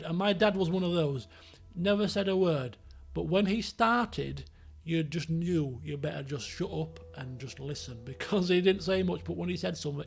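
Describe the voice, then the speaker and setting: A man's voice: high voice, creaky, breathy edge. A man, telling rambling stories from his school days on a live stream and acting out the people in them. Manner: animated, rambling anecdotes with acted-out quotes. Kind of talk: casual storytelling on a live stream.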